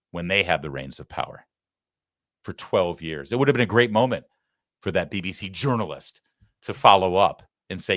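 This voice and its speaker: A man hosting a political commentary show, heated and sarcastic, swinging from loud outbursts to low muttering. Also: no room sound, studio quality. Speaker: host.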